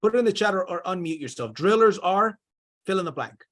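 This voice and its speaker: Man, sales coach, emphatic and repetitive, slightly high voice, video call. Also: lively intonation, fairly quick, fairly bright tone. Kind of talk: motivational sales training.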